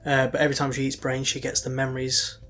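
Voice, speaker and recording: Halting man chatting on a podcast. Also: mid-range voice, completely flat delivery, a bit bright, faint music behind. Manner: rambling, halting with many ums and restarts. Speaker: podcast co-host. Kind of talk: casual chat.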